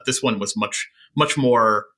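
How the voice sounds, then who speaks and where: A man co-hosting a podcast, talking through a TV episode in a thoughtful, halting way with frequent fillers. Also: mid-range voice, sharp tone. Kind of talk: casual recap discussion of a TV episode.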